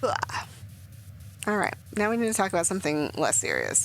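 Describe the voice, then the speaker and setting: Brief: young woman streamer, rambly casual commentary, lively up-and-down pitch, lowish voice, faint hum behind. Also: a little fast, rough recording. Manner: rambling, emotional, many fillers.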